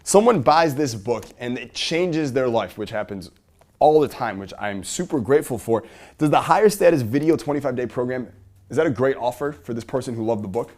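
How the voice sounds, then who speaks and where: A man giving an energetic seminar talk to a live audience, firing rhetorical questions and swinging between loud emphasis and quiet asides. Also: medium pitch, a little fast.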